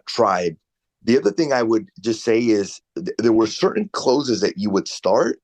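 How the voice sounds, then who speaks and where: A man's voice: lowish voice, darkish tone. A man coaching a salesperson over a video call, giving direct, conversational feedback. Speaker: real estate sales coach.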